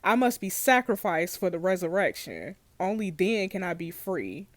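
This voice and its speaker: A guilt-ridden male detective spills his confession in a low, steady tone, as a woman reads his game lines aloud. The recording is dry and close, with no room sound. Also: moderate pace, dry recording, natural voice. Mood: grim. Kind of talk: reading game dialogue aloud.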